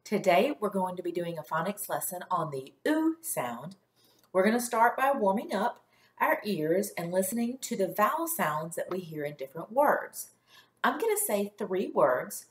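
A woman teaching a phonics lesson to young children, stretching out sounds slowly and clearly for them to repeat. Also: medium pitch, big pitch swings, roomy sound. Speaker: first grade teacher.

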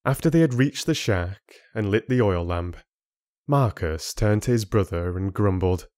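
A man narrating a fantasy audiobook in a measured, deliberate way. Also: fairly low pitch, expressive, a little mellow, no room sound, clean studio sound.

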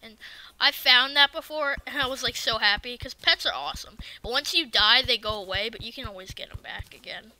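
A woman giving casual let's-play commentary, excitable and talking back to the game's enemies. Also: on the high side, fairly quick. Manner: excitable, swears and talks to the game enemies. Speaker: gaming video creator.

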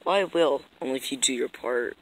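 A woman's voice: very deep voice, brisk, slight background noise, low-quality recording. A woman doing a whispering nightmare villain. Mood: menacing. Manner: hushed, taunting, half-whispered. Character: sinister whispering nightmare villain, cruel and mocking. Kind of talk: amateur voice acting for a fan animation.

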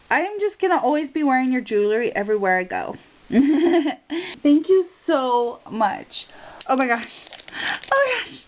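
Young woman vlogger, high-pitched and excitable, opening a package; tinny phone-like sound. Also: a little hiss or hum. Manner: gushing, excitable, gasps often. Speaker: crafting vlogger.

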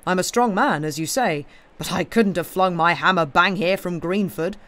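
A man reading aloud, voicing a huge brooding blacksmith who speaks in loud, grave declarations. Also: on the high side, a little slow, smooth, natural voice. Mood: defiant. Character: huge brooding male blacksmith, grim and devout.

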